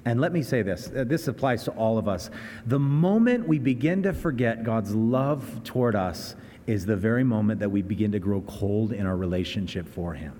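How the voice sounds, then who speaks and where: A man's voice: lowish voice, expressive, normal speed, warm tone. Man preaching in a reverberant hall. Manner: earnest, conversational preaching with frequent restarts. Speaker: pastor. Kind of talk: sermon.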